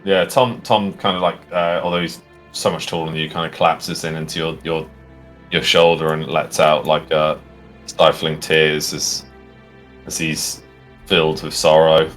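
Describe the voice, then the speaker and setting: Game master, male, very low voice, halting delivery over faint background music. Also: flat delivery, a bit bright. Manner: halting, with many fillers and restarts. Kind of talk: narrating a tabletop game.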